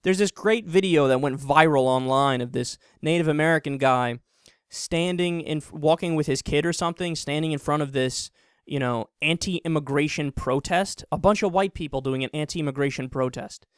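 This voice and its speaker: Male commentator with a high voice and a mocking, swearing rant, recorded dry. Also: normal speed, clear, resonant tone, no room sound. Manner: sarcastic, mocking, profane rant. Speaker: political commentator. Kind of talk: online political commentary.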